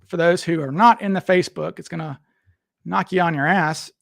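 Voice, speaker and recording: Man, fairly high voice, rambling livestream host, chatting to viewers, dry close sound. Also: brisk, gravelly, dry recording. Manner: rambling, restarts sentences, talks to viewers in chat. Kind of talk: casual livestream chat.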